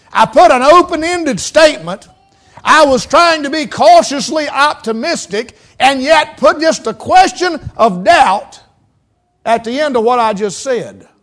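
A man's voice: very high-pitched, fairly bright tone. A man preaching a sermon in a folksy, conversational way, with a Southern mountain accent, acting out little quotes as he teaches.

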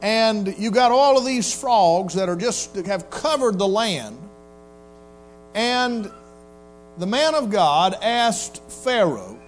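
Folksy high-voiced preacher. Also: male voice, sing-song, takes it slowly, soft background music. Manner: folksy Southern preacher, acts out quotes in voices. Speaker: pastor. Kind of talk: sermon.

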